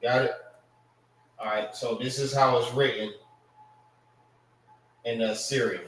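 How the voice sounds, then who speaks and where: Slow-talking man teaching in an echoey room. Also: medium pitch, steady tone, fairly bright tone, a little hiss or hum. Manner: slow, repeats words for students to follow. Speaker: language class teacher. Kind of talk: classroom lesson on pronunciation. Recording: echoey room, mic far off.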